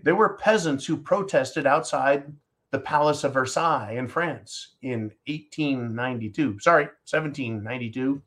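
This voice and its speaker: A man's voice: fairly high pitch, a bit bright. Angry sarcastic man ranting. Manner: angry, sarcastic, reading listener comments. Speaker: talk show host. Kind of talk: ranting political commentary.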